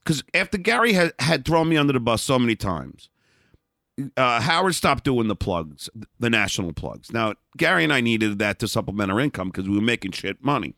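A middle-aged man as an interview guest, telling candid stories in a blunt, animated way, often restarting and repeating words. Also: medium pitch, a little fast, vocal fry, dry recording, clean studio sound. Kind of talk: candid storytelling in a conversation.

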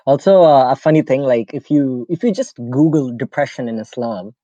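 A man's voice: medium pitch, animated, normal speed, warm tone, no room sound, lo-fi sound. A young man from Pakistan hosting a casual podcast, telling a personal story in a rambling way full of "like" and fillers. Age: young adult. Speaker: podcast host.

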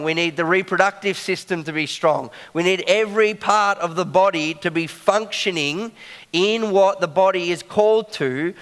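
A man's voice: on the high side, fairly bright tone. Man preaching in a reverberant hall. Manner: conversational, checks in with the congregation. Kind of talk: sermon.

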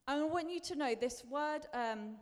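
A woman preacher with a high voice speaks at a moderate pace, delivering a chatty, self-deprecating sermon that builds to emphatic bursts. A large hall gives the recording a long reverb.

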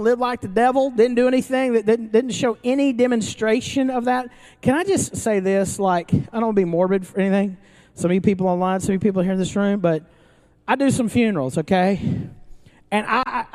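A pastor giving a sermon to a room full of people, talking casually rather than reading. The voice sits at a middle pitch, stumbles and restarts often, and keeps turning to the audience with questions. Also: steady tone, fairly quick, darkish tone. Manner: conversational and joking, with frequent restarts. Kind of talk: sermon to a live congregation. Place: church service before an audience, also streamed online.

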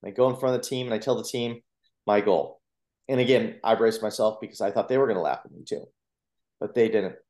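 A man, a motivational coach and speaker, earnestly telling his personal story in a podcast interview, with lively retellings of what people said. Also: on the low side, fairly quick. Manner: earnest, animated retelling with acted quotes. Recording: roomy echo.

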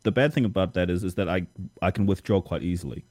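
Young guy hosting a podcast, really low voice, dry sound, kinda hesitant. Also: fast talker, darkish tone, no echo. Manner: thoughtful, hesitant, repeats words. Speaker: podcast host. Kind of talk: casual conversation.

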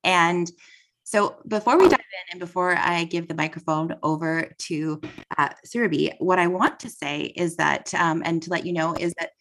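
A woman's voice: on the low side, moderate pace, a bit bright. A woman hosting a podcast interview, talking earnestly and effusively, with a cold. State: has a cold. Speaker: podcast host.

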